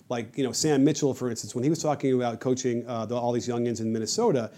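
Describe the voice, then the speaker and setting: A man telling stories on a podcast in a rapid, animated way, often restarting his sentences. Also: medium pitch. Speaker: podcast guest, basketball coach and creator. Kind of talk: casual podcast conversation.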